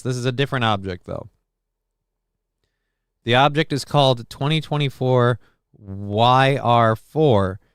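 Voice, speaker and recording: A man rambles through viewer comments on his live show with a dry, deadpan wit and the odd curse. His voice is smooth and resonant, sitting at an ordinary pitch. The sound is close and dry, with no room echo. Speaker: livestream host reading chat. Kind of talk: casual live-stream chat.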